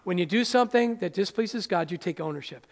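A man preaching a sermon as pastor in a church, animated and acting out little scenes. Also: high-pitched, fairly quick. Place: church sanctuary. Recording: church hall reverb.

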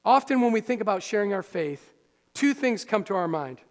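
Here a man with a high voice delivers a sermon as a pastor, animated and conversational, throwing in brief remarks to the congregation. Long reverb from the hall fills the recording.

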